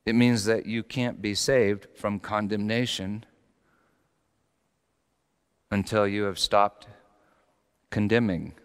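A man preaching a sermon as pastor, confessional and swinging from quiet reflection into animated, rising intensity. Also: lowish voice, takes it slowly, long pauses, smooth. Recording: long hall reverb.

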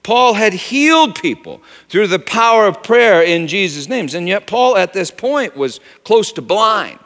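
A man's voice: high voice, sing-song, measured pace, fairly bright tone. A man preaching a sermon as pastor, telling stories conversationally with rhetorical questions and off-the-cuff asides. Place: church sanctuary. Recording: long reverb of a large hall.

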